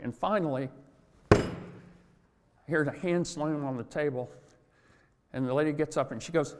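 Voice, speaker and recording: A man's voice: on the high side, normal speed, long pauses, a little hiss or hum. A middle-aged man giving a chatty, self-deprecating convention talk full of anecdotes. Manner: chatty, self-deprecating, laughs at own jokes. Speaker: speaker at a convention. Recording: long hall reverb.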